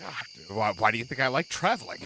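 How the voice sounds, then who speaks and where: A man's voice: medium pitch, very animated, quick pace, gravelly, slight background noise, low-quality recording. A young man on a gaming stream, joking and breaking into bits of song. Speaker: streamer co-host. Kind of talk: casual gaming stream chat. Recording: music loud behind voice.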